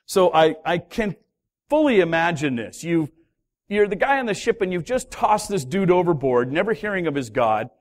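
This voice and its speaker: A pastor preaching a sermon, telling a story with lively, acted-out voices of its characters. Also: male voice, high-pitched, moderate pace. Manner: animated storytelling, acting out voices of the sailors. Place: church hall.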